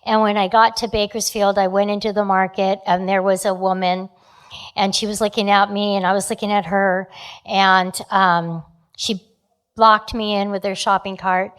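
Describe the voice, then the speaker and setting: A woman's voice: medium pitch, little pitch movement, moderate pace, fairly bright tone, clear, resonant tone. Candid woman sharing her recovery story. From New Jersey. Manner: candid, frequent fillers and restarts. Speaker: recovery meeting speaker.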